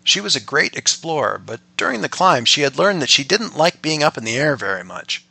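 A man reading a bedtime story aloud, gentle and playful, as a father and podcast storyteller. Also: medium pitch, vocal fry, dry recording.

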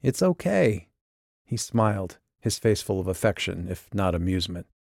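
Gravelly, low-voiced male narrator. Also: fairly even intonation, normal speed, no room sound, studio quality. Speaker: audiobook narrator. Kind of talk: scripted audiobook narration.

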